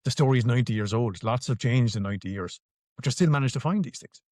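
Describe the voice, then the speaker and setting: Irish male podcast guest, emphatic and salty, dry close sound, mid-pitched. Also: quick pace, darkish tone, no room sound. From Ireland. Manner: emphatic, swears freely, repeats phrases for stress. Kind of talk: conversational interview answers.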